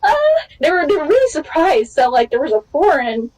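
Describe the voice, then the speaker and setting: High-voiced excitable woman podcast host. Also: brisk, rough recording. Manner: excitable storyteller, acts out quotes with big pitch jumps. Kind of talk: casual podcast chat.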